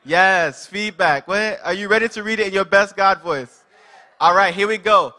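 Energetic bright-voiced male preacher. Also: sits high, normal speed. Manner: energetic, calls out to the congregation. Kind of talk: interactive sermon.

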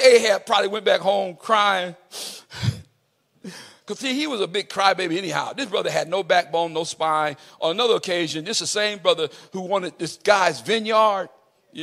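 A male preacher with a high, gravelly voice delivers his sermon with passion, swinging into shouts and a musical, sing-song cadence. His tone is bright and forceful.

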